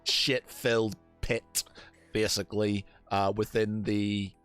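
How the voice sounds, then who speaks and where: A man's voice: fairly low pitch, little pitch movement, fairly bright tone, clean tone, soft background music. A man narrating as game master, hesitant with many fillers and restarts. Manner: halting, lots of fillers and restarts.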